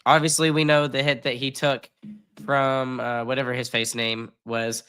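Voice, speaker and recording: A man's voice: mid-range voice, flat delivery, moderate pace, a bit bright, clear, resonant tone. A man hosting a casual sports podcast while sick and congested, rambling with lots of fillers and self-deprecating jokes. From United States. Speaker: podcast host.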